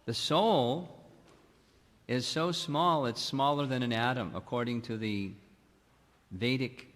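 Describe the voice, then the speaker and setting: Male monk, mid-pitched, unhurried devotional lecture, reverberant hall sound. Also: fairly bright tone. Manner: slow, measured, with long pauses. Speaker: monk giving a spiritual lecture.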